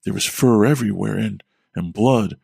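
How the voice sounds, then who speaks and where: A man's voice: fairly low pitch, normal speed, creaky, a little mellow, breathy edge, dry recording, studio quality, heavily acted. A man doing a panicked stammering farmer. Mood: frightened. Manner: urgent, stammering with fear. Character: panicked grown man on a farm.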